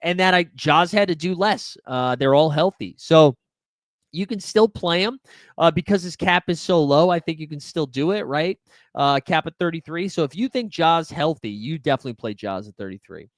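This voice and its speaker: A man's voice: fairly high pitch, lively intonation, normal speed, dry recording, clean studio sound. A man hosting a live fantasy sports stream, answering viewer questions in a chatty, laid-back and jokey way, with lots of filler words. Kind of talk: live-stream Q&A, casual chat.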